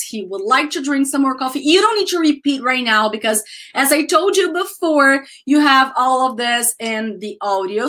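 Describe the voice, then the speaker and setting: Casting: bright-voiced woman, Brazilian accent, enthusiastic online English teacher, calls students guys. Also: high-pitched. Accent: Brazilian Portuguese. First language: Portuguese. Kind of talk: online grammar lesson.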